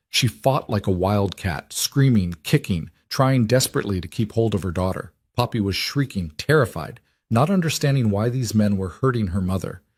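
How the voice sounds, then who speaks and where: Brief: male storyteller, lowish voice, measured and dramatic, dry close sound. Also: darkish tone, no room sound. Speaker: narrator. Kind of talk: scripted audiobook narration.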